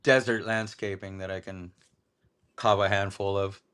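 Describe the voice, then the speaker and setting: A man with a bright, forward voice, chatting easily about his custom toy scenes. He talks loosely, drops swear words and laughs along with his friends. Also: low-pitched, flat delivery, a little slow, smooth. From Las Vegas area, USA. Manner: laid-back, swears freely, laughs often. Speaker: toy photographer guest. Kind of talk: casual chat.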